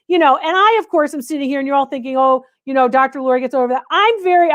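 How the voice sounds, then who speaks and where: A woman hosting a live antiques Q&A, chatting to viewers in an emphatic way and repeating phrases for stress. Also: fairly high pitch. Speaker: antiques appraiser and livestream host. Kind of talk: live Q&A chat reading viewer comments.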